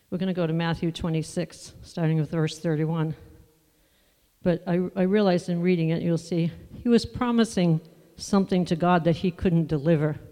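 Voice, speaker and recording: A preacher giving a sermon, teaching from the Bible in a conversational, unhurried way with asides to the listeners. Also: medium pitch, warm tone, clean tone, in a large hall.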